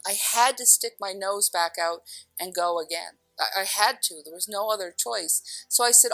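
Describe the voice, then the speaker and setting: Middle-aged woman, storytelling talk, animated, bright tone, dry close sound, faint music behind. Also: medium pitch, normal speed, dry recording, low-quality recording. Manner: animated, acts out voices in her story, laughs often. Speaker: spiritual speaker.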